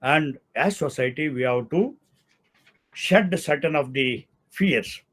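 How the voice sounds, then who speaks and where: Indian English-accented law professor lecturing. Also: male voice, a little high, slow, a bit bright. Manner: explanatory, repeats key words, uses "see" and "okay". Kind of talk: academic lecture.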